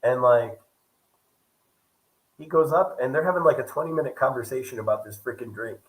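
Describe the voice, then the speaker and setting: Brisk and animated, a young travel vlogger with a mid-range voice tells a story casually and performs the dialogue of the people in it. The recording is rough.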